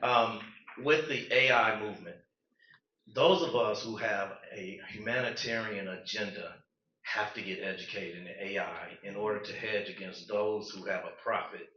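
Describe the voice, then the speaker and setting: A man's voice: lowish voice, moderate pace, sharp tone. A man speaking as a panelist at a community event, serious and urgent, with frequent ums. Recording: roomy, dull, distant recording.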